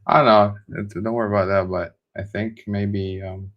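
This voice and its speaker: A man's voice: fairly low pitch, little pitch movement, normal speed, dull audio. A man helping run the calls, explaining in a loose, casual way. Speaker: co-host sending seller leads.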